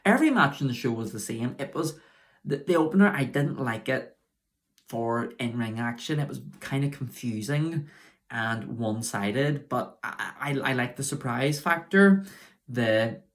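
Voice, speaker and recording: A man's voice: medium pitch, lively intonation, measured pace. A man talks casually into his own video review, rambling from point to point. He sounds keen on what he covers and keeps stopping to correct himself. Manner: chatty and enthusiastic. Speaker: wrestling show reviewer.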